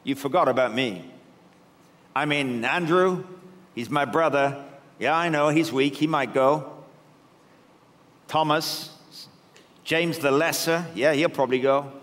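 A boastful, loudmouthed grown disciple, as a preacher puts him on, pitched low and blustering with total self-assurance. The voice rings out in a reverberant hall. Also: male voice, a little slow, long pauses. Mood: indignant.

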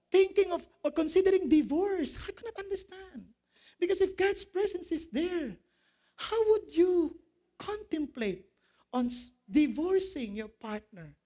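A man, a pastor, preaching a sermon in an animated way, quoting scripture, asking the congregation questions and laughing at his own jokes. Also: very high voice. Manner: quotes scripture, asks the audience questions.

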